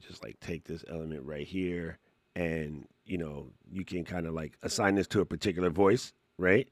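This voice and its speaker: A man with a lowish voice walking through software in a casual tutorial. He talks in an excitable, slangy way and laughs often, and the recording is dry and close. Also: no echo. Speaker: tech streamer.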